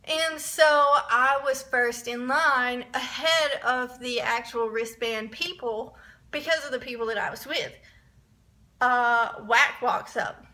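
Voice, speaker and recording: Bright, high-voiced young woman vlogger. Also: takes it slowly. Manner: excitable, rambling storyteller with many restarts. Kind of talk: casual storytime vlog.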